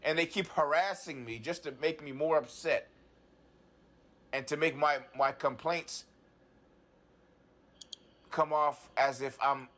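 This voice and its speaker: A man telling his troubles in a therapy session, halting and repeating himself as he restarts his sentences. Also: a little high, a bit bright. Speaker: client in a talk therapy session. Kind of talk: agitated personal account.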